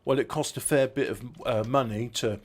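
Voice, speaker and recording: A man's voice: mid-range voice, fairly even intonation, moderate pace. A man, co-hosting a casual chat podcast, rambling with frequent restarts and fillers. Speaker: podcast co-host.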